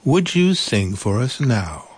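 A man voicing a stately, kindly queen who speaks in a measured way. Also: mid-range voice, big pitch swings, breathy edge, full character voice.

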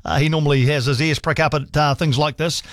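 A man's voice: a little high, steady tone, quick pace, no echo. A man with a New Zealand accent hosting a talkback radio show, chatty and full of restarts, speaking on a studio mic. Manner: chatty, hesitant restarts, mate-style banter. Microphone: studio microphone.

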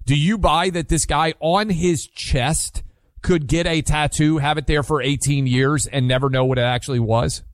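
A man's voice: fairly high pitch, normal speed, dry recording, studio quality. Teasing talk radio host, man. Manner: animated, teasing questions. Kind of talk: talk radio chat with callers.

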